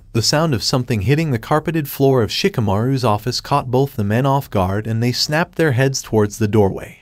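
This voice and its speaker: A man reading a story aloud at a steady, even pace. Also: mid-range voice, no echo. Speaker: fan fiction reader.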